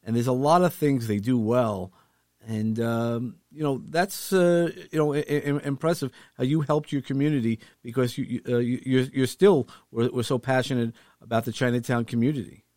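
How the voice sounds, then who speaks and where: A man's voice: mid-range voice, normal speed, a little mellow, dry recording, clean studio sound. A man hosting an interview, introducing his guest with hesitant restarts and fillers. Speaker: interview host.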